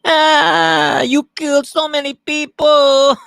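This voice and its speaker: A man voicing a panicked man who shrieks and begs not to be killed, in a shrill, wailing, melodramatic way. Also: level tone, slow pace, gravelly, a bit bright, no room sound, clean studio sound, full character voice. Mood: shrieking.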